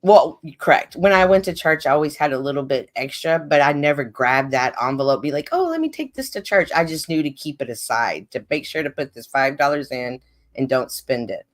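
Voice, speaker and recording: Woman guest, earnest and animated storyteller, live stream chat. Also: extremely low pitch, brisk. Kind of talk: casual conversation about faith.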